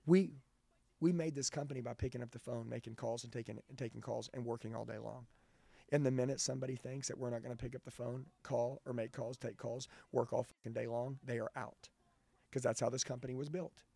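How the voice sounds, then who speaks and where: Gravelly, blunt, profane man. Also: mid-range voice, a little mellow, dry recording. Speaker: sales trainer, guest. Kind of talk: intense motivational interview talk.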